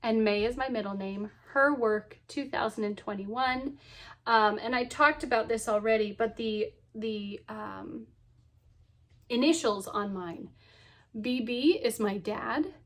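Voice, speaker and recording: A woman's voice: on the high side, slow. A woman in her thirties chatting casually to camera about her cross stitch, cheerful and full of ums and laughs. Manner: chatty, lots of ums and so yeahs.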